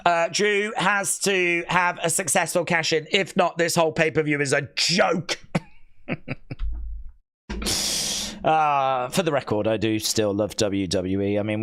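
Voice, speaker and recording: A man's voice: a little high, fairly bright tone, clear, resonant tone. A man hosting a live wrestling watch-along, reacting with theatrical mock despair and sarcasm, wailing and groaning. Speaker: wrestling live-stream host.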